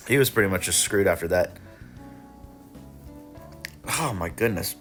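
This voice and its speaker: A man casually recapping his card game tournament rounds, laid-back and swearing, coughing and clearing his throat now and then. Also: on the low side, animated, takes it slowly, pushed and bright, soft background music. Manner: laid-back, profane, chuckling, mock voices of opponents.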